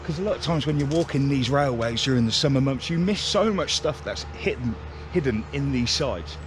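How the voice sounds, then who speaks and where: A man giving chatty, excitable walking commentary to the camera as a railway enthusiast vlogger. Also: medium pitch, brisk. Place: outdoors on a path beside a railway line. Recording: outdoor street noise.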